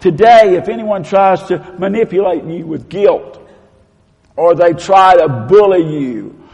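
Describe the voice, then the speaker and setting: A man preaching a sermon, swinging between loud emphatic proclaiming and hushed low tones and leading the congregation in call-and-response. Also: lively intonation, measured pace, creaky. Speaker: pastor. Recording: long hall reverb.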